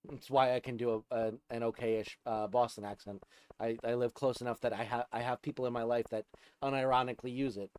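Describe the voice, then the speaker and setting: A man's voice: mid-range voice, steady tone, fairly quick, a little mellow, clean tone. A man giving casual, rambling commentary while playing a video game, often restarting his sentences as he chats with his viewers. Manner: chatty, rambling, frequent restarts. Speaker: gaming streamer. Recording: game music playing behind.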